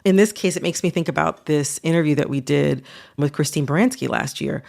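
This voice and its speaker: A woman hosts a podcast in a relaxed, conversational way, her voice slightly low and gravelly. She talks with animation and leans on filler words as she thinks aloud. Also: a little fast. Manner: casual and animated, many filler "like"s. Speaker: podcast host.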